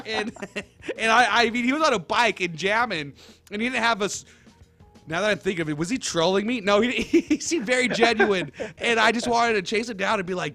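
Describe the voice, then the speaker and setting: A man co-hosting a casual chat, an animated storyteller who laughs often. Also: high voice, a little fast, faint music behind. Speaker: co-host.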